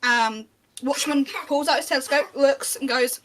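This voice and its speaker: A woman's voice: sits high, fairly even intonation, moderate pace, a bit bright. A woman narrating as game master of a tabletop game, in a chatty, descriptive way with small restarts.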